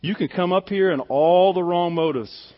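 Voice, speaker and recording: A man's voice: high voice, moderate pace, in a large hall, dull audio. A pastor delivering a conversational, emphatic sermon, often repeating his words as he speaks.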